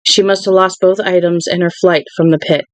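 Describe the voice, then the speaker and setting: A reader narrating a novel aloud in an even, unhurried way, with occasional restarts. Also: medium pitch, dry recording, rough recording. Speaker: audiobook reader.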